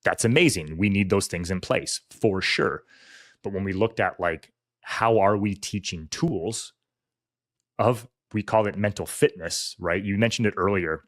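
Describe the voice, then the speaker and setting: A man with a very low voice speaks earnestly about his own experiences, reflective and unhurried. The sound is dry and close, with little room around it. He often lets his sentences drop softly at the end. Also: no room sound. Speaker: firefighter guest. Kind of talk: candid conversational storytelling.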